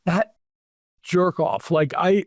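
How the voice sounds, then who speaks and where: Animated storytelling man, dry close sound. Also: high voice, takes it slowly, no room sound. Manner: animated anecdotes, acts out quotes. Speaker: podcast host, PR executive. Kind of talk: casual storytelling interview.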